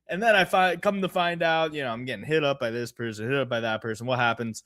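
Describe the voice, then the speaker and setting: A man's voice: mid-range voice, quick pace, few pauses. A man co-hosting a casual podcast chat, telling stories with lots of laughter and swearing. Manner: laughs a lot, profane, animated storytelling. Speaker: podcast co-host.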